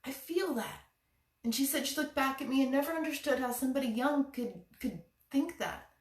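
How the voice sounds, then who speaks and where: A woman's voice: sits high, fairly quick, far from the mic. A woman hosting a live-streamed spiritual challenge, talking to her viewers in an earnest, encouraging way. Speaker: chakra challenge host. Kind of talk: live-stream motivational talk. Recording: echoey room, away from the mic.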